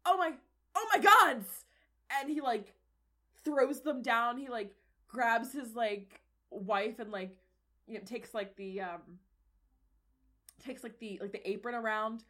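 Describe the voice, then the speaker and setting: A woman's voice: on the high side, unhurried, pauses often. A young woman running a tabletop game as game master, narrating in a rambling way full of fillers.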